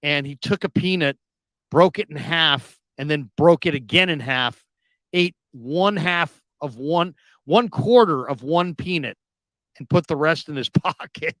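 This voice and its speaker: A radio host telling a long story in casual chat, acting out the people in it with loud, high outbursts. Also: male voice, no room sound. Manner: animated, acts out quoted people with sudden loud high outbursts.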